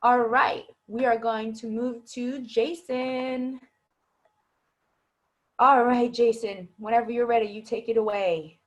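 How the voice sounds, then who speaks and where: A woman acting coach speaks slowly and steadily in a fairly high voice, offering patient, encouraging feedback to students in an online class. She explains things at length, and her video call microphone cuts off the highs.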